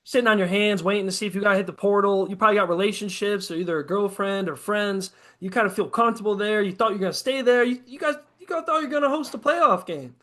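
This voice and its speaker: A man's voice: high voice, quick pace, hardly any pauses, pushed and bright. A man co-hosting a podcast, chatting casually and profanely about sports, ranting hard and mocking others in quoted asides. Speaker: podcast co-host.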